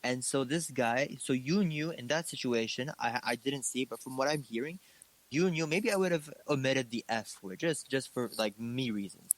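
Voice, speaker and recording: A young man co-hosting a relaxed chat, teasing his friend before patiently explaining his reasoning. His voice sits in an ordinary middle pitch. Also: moderate pace, low-quality recording. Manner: joking, then calmly explaining his view. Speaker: podcast co-host. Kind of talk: casual chat.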